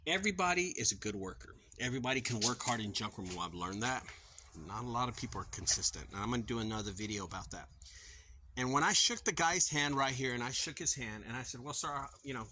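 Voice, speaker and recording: A man's voice: medium pitch, pushed and bright, a little hiss or hum, low-quality recording. A middle-aged man who owns a junk removal business, speaking casually to camera outdoors and acting out both sides of a sales conversation. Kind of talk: casual talking-to-camera vlog.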